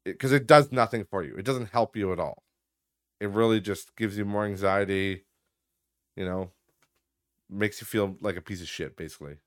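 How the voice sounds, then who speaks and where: A man's voice: fairly low pitch, normal speed, pauses often, no echo. Profane, ranting man on a dry mic. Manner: blunt, profane and heated, with many fillers. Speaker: podcast host. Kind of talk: casual ranting podcast monologue.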